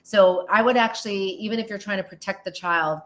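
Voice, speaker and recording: A woman's voice: mid-range voice, brisk. A middle-aged woman from the United States hosting a podcast, answering listener questions in casual chat and acting out little quoted lines. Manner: chatty, restarts often and acts out quotes. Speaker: podcast host. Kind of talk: casual Q&A monologue.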